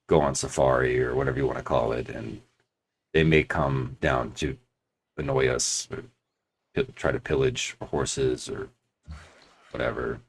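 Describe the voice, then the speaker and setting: His voice very deep, gravelly, and slightly rough, a man narrates his strategy game while playing. He thinks out loud about his plans at length, often restarting and hedging, in let's play commentary.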